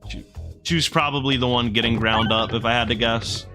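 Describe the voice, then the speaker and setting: A man's voice: mid-range voice, fairly even intonation, fairly quick, music in the background. A man casually commenting while playing a video game, rambling, joking and swearing as he answers his chat. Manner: rambling, profane, jokey, talks to chat. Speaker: gaming streamer. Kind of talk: casual let's-play commentary.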